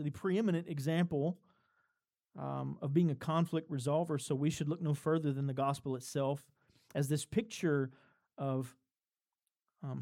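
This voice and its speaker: A man's voice: fairly high pitch, a little mellow. A man preaching a sermon in a conversational way, building up to emphatic points and chuckling between them. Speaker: pastor.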